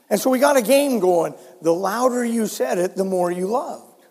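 A man's voice: high-pitched, expressive, moderate pace. Older male preacher in a reverberant church. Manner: storytelling preacher, swings from soft to loud. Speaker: pastor. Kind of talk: sermon. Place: church sanctuary.

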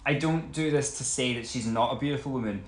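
Casual co-host, male, mid-pitched, talkative and animated, recorded in a roomy, echoing space. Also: fast, a loud crowd. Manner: animated, laughing, rambling with restarts. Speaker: podcast co-host. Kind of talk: casual chat about a TV show. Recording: roomy echo.

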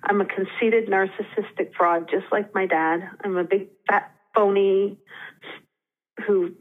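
A woman calling in over a thin, phone-like line. She speaks in a halting, earnest way, repeating difficult phrases slowly as part of a coaching exercise. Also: medium pitch, steady tone. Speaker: caller.

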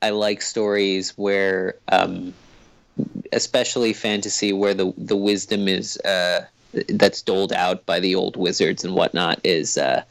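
A man guest on a podcast, talking in a thoughtful, rambling way with many pauses. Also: low voice, steady tone, creaky, no echo, poor audio. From Canada. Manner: rambling, thoughtful, hesitant with fillers. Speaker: guest, comic creator. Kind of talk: casual podcast chat.

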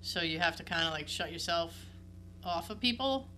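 A woman's voice: on the low side, expressive, normal speed, pushed and bright, slight background noise. A woman co-hosting a casual chat, candid and profane, laughing often.

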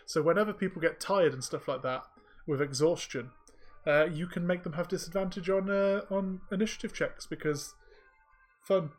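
A woman's voice: fairly low pitch, normal speed. A woman narrating as game master in a tabletop game, with many ums and uhs. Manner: filler-heavy, chuckling.

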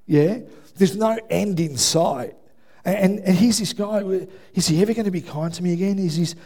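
A man preaching a sermon in a church, telling lively stories and acting out quotes with self-mocking asides. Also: sits high. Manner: animated storytelling, acts out shouted quotes, self-deprecating asides. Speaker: pastor. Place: church hall with congregation.

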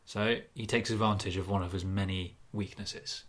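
A low-voiced man hosts an improvised comedy podcast, steering the game with bone-dry deadpan delivery. He drops absurd twists in a flat, matter-of-fact tone. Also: moderate pace. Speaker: co-host running the improvised scenario.

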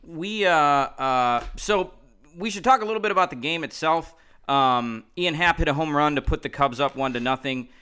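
A man's voice: a little high, moderate pace, bright, forceful tone, smooth. A man co-hosting a podcast in casual chat, retelling stories and recapping plays. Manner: recaps game plays matter-of-factly. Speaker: podcast co-host.

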